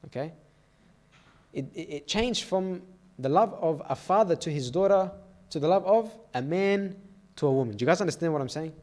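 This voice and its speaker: A man's voice: fairly high pitch, lively intonation, normal speed, darkish tone. A man giving a sermon to a youth meeting in a church, telling stories and often checking in with "okay?" and "all right?".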